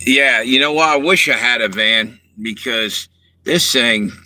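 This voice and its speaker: A man's voice: mid-range voice, unhurried, pushed and bright, slight background noise. A man from Delaware, chatting casually on a live stream from his parked car, greeting viewers and rambling between comments.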